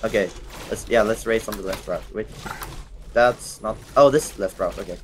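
A young man, a game developer judging player builds in casual gameplay commentary, easygoing and quick to laugh. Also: lowish voice, slight background noise. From Sweden.

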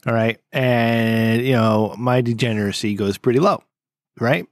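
A man's voice: mid-range voice, unhurried, dry recording, clean studio sound. A man co-hosting a casual podcast, drinking and rambling through crude banter with lots of swearing. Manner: rambling, profane, breaks into big laughs. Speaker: podcast co-host.

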